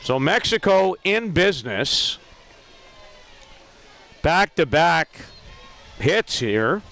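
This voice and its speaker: A man calling a softball game play by play, lively, with self-deprecating asides about player names. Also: a little high, drawn-out words. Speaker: play-by-play announcer. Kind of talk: sports commentary.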